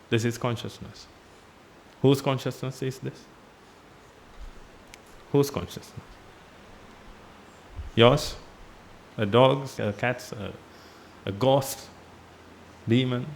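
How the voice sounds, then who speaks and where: A mid-pitched, fairly even, creaky voice moves slowly through a Buddhist sermon in a temple hall, pausing often over a faint hiss or hum. The man teaches by repetition and rhetorical questions and speaks "ladies and gentlemen" in a lowered voice.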